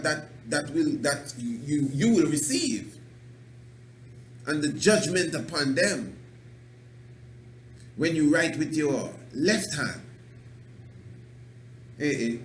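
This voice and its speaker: A man from Antigua with an Antiguan accent, hosting a radio talk show in an emphatic, preachy monologue that restarts words and breaks into chuckles. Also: on the high side. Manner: loose, repeats and restarts words. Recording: roomy echo, faint background noise.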